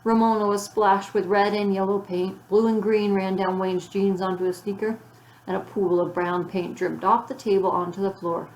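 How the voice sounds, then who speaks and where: A woman calmly narrating a children's storybook, recorded with a roomy echo. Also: medium pitch, normal speed. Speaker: audiobook reader.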